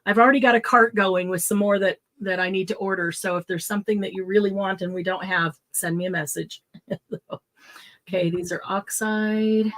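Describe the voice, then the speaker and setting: A woman's voice: mid-range voice, steady tone, moderate pace, fairly bright tone, poor audio. Chatty woman hosting a live craft sale. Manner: chatty, laughs often, lists product colors. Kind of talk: casual live sale chat.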